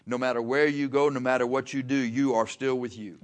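A man's voice: mid-range voice, fairly even intonation, a little fast. Man preaching a folksy, emphatic sermon. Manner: preaching with emphatic rises and repeated phrases. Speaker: pastor.

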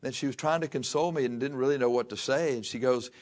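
An older man preaching a folksy sermon, reading scripture slowly and telling homespun stories. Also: mid-range voice, darkish tone. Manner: slow, drawn-out scripture reading mixed with chatty anecdotes.

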